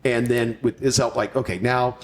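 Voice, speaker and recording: A Southern Californian man, a wrestling promoter as guest, speaking in a halting way with frequent restarts. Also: medium pitch, slight background noise. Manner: halting, restarts, expressive reactions. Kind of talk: casual interview chat.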